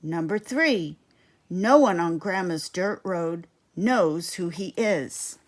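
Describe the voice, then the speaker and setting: A woman reading a bedtime story aloud in an expressive way. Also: lowish voice. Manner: slow, expressive. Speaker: storybook reader.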